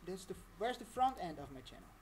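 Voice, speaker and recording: A woman's voice: on the low side, big pitch swings, quick pace, dark tone, a little hiss or hum. A woman talking through a casual live-stream tutorial, chatty and rambling, laughing often.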